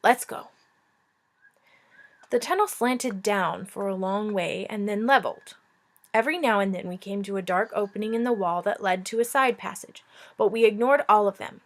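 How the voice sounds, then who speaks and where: A woman teacher reading a chapter book aloud in a relaxed, informal way. She breaks off now and then for casual asides and jokes. Everyday, unpolished delivery. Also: mid-range voice, brisk. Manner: informal, joking, breaks off to chat.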